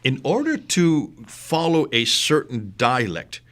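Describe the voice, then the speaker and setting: A man's voice: mid-range voice, very animated, takes it slowly, a bit bright. A man from the United States co-hosting a discussion, explaining points emphatically and asking leading questions. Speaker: co-host. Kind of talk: conversational discussion on manuscripts.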